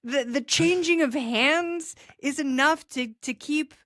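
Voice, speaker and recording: A middle-aged woman hosting a podcast, bantering playfully in quick comic chat. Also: high voice, fairly bright tone, no room sound, clean studio sound. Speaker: podcast host. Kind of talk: casual comedic chat.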